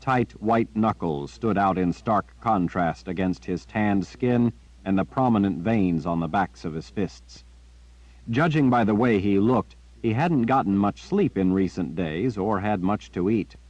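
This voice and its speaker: A man narrating an audiobook in a steady, measured storytelling manner. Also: on the low side, dry recording. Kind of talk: scripted narration. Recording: dry, dull lo-fi.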